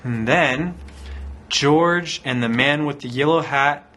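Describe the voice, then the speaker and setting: A man's voice: fairly high pitch, slow, bright, forceful tone. A man teaching a language by reading a picture story aloud, repeating simple phrases and acting out sounds. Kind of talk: slow storytelling for language learners.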